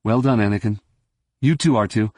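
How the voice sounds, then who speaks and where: A man voicing a calm middle-aged leader in a science fiction audiobook, steady and measured. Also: fairly low pitch, no room sound, studio quality, close to an everyday voice.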